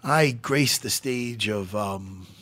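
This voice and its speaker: A man hosting a casual talk show, animated and jokey, swearing freely. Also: lowish voice, slow. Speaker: podcast host. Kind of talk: casual chat.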